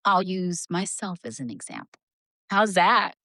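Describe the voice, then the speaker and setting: A middle-aged woman and HR leader, a podcast guest, telling a story in a lively conversational way. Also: fairly low pitch, a little slow, no echo. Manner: animated, acts out voices in her stories.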